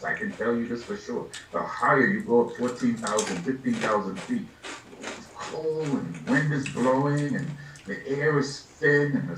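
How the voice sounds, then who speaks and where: An older man, a Buddhist lama, giving an unhurried, reflective dharma talk, laughing softly and acting out little scenes as he teaches. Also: mid-range voice, background noise. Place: meditation hall. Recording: echoey room, distant mic, faint ambience.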